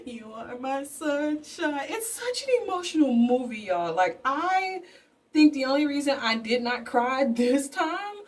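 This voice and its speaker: A woman vlogger recapping a movie while painting her face, chatty and animated, slipping into voices for the characters. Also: sits high, measured pace, far from the mic. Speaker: beauty and movie review vlogger.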